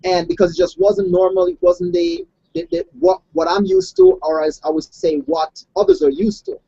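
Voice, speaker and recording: Telling stories with plenty of restarts, this foreign-raised health coach chats casually online at a moderate pace. His very high-pitched voice carries vocal fry. The recording is lo-fi, with no echo.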